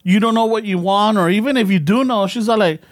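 A man's voice: sits high, fast, no room sound. A middle-aged man, co-hosting a casual podcast and telling stories in a rambling, profane way. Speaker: podcast co-host. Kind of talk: casual chat.

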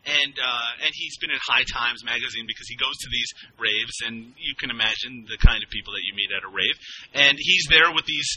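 A man's voice: mid-range voice, a little fast, bright, forceful tone, a little hiss or hum, rough recording. A man, a filmmaker, chatting casually about his movie in a rambling way and laughing often. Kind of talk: casual film commentary.

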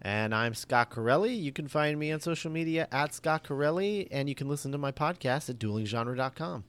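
A man's voice: on the high side, a little fast, fairly bright tone, smooth. A man appearing as a guest on a casual podcast chat, easygoing and a little unsure of himself.

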